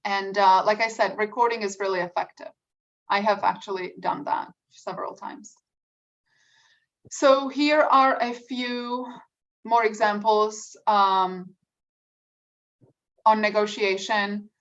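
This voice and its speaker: Woman career coach, workshop talk, medium pitch, distant lo-fi room pickup. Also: fairly even intonation. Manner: conversational, drawn-out emphasis with fillers. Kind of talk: workshop talk on salary negotiation. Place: meeting room. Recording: distant, dull lo-fi room recording.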